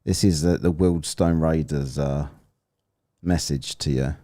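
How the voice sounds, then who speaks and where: A man's voice: extremely low pitch, fairly even intonation, measured pace, warm tone. An English man commenting casually on a live stream, chatty and rambling, joking and laughing as he reads the chat. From England. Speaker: streamer reviewing a debate and reading chat.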